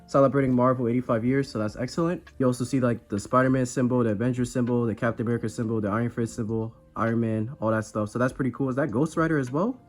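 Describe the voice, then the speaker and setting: A man's voice: medium pitch, fairly even intonation, quick pace, hardly any pauses, soft background music. A man with a congested voice, under the weather, giving a rambling, self-deprecating toy review in a casual chat. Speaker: action figure reviewer.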